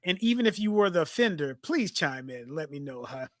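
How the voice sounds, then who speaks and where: A man, co-hosting a podcast and telling lively stories that he acts out in casual chat. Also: fairly high pitch, brisk, no room sound, clean studio sound. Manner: animated storyteller, acts out quotes. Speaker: podcast co-host.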